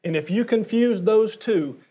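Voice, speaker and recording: Man, middle-aged, pastor, sermon, conversational, asks questions, high voice. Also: a little slow, dark tone, breathy edge.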